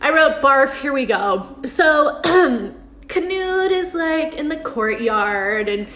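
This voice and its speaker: Young woman, slightly high voice, snarky casual recap host. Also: animated, slow pace, fairly bright tone, slight background noise. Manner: sarcastic, swears, laughs often, quotes characters in mocking voices. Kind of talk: casual episode recap chat.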